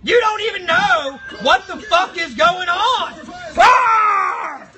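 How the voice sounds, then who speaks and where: A man voicing a crude, foul-mouthed, grumpy male box monster who hosts a live stream with shouty, mock-outraged rants. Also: extremely high pitch, animated, unhurried, a crowd in the background, rough recording. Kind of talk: live stream chat in character. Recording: music playing behind the voice.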